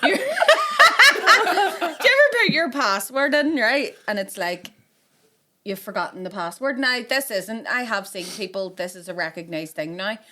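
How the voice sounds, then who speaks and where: A woman's voice: a little high, big pitch swings, unhurried, bright, forceful tone. A young woman with a Belfast accent, a podcast host in casual, sweary banter with her guest. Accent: Northern Irish, Belfast.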